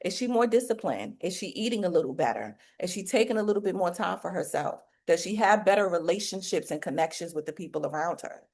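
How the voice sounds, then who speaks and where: A woman's voice: on the low side, lively intonation, quick pace, few pauses, darkish tone. Preachy woman coach, folksy faith-filled talk. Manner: preachy, faith-filled, rhetorical questions, colloquial. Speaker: business coach for hairstylists.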